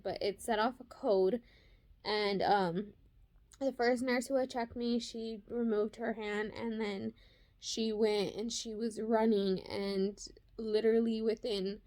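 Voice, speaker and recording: A woman's voice: fairly high pitch, darkish tone. A young woman vlogger telling the story of her son's birth in a casual, emotional way, full of fillers. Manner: emotional, fast-paced retelling with many fillers.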